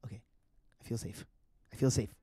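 A man's voice: a little fast, warm tone, no echo, in a whisper. A man giving casual, profane live commentary while playing a video game, chatting to himself and to the game. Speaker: streamer.

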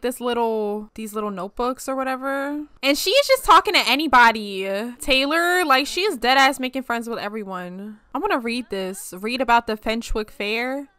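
A woman's voice: on the high side, clear, resonant tone, no echo. A young woman giving chatty, playful let's-play commentary as she plays a life-sim game. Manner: chatty, animated, playful slang, frequent laughs. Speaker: gaming channel host.

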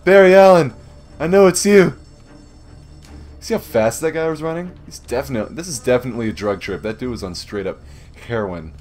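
A man's voice: medium pitch, lively intonation, brisk. Joking, cursing young-sounding gamer guy. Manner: jokey, swears a lot, shouts at enemies. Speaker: gamer doing a let's play. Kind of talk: casual gameplay commentary. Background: faint game music and gunfire.

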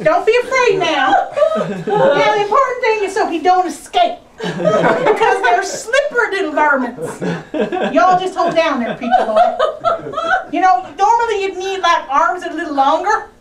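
A woman's voice: very high voice, big pitch swings, normal speed, over a noisy crowd. A woman playing a brash, folksy Southern woman with a Southern US accent in an improvised comedy sketch, talking in a drawling, giggly, over-the-top way. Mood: gleeful. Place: film set, indoors. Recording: roomy distant mic, loud background noise.

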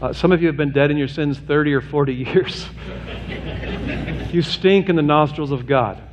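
Male pastor preaching, earnest and direct, gets urgent, kinda dull-sounding church recording w faint hiss. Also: normal speed. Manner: earnest, rises in pitch and intensity toward an urgent appeal; preaching with humor and direct address to the congregation. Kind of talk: sermon. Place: church sanctuary.

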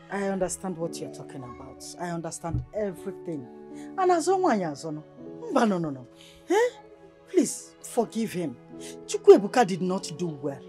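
A woman's voice: fairly low pitch, mellow. An actress playing a mother who pleads for forgiveness on behalf of her son, with a Nigerian accent and a coaxing, pleading way of talking. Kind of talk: Nollywood film acting.

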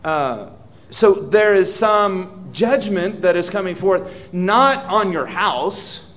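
A high-pitched, slightly bright male voice with lively intonation moves slowly through a dramatic sermon in a church hall. The pastor speaks prayers aloud with increasing intensity and questions the congregation directly.

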